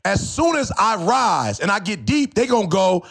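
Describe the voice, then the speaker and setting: A man's voice: high voice, very animated, normal speed, fairly bright tone. A man, a motivational speaker and co-host, talking with fervent, preachy drive on a podcast, repeating lines for emphasis and calling out to listeners. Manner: addresses listeners directly as y'all. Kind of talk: passionate podcast talk.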